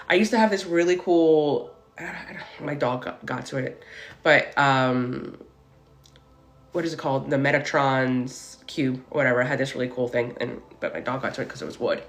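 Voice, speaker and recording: A woman in her forties hosting a casual spiritual live stream. She chats excitedly, tells stories and greets viewers as she goes. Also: a bass voice, moderate pace. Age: 40s. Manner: chatty, greets and thanks viewers as she talks.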